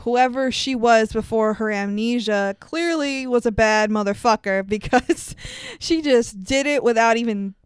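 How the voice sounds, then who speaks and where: A fairly high-voiced woman chats about a movie on a podcast, laughing often and swearing casually. Her voice is smooth and clear, recorded close and dry with no room sound. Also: a little slow, no echo. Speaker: podcast co-host. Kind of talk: casual movie recap chat.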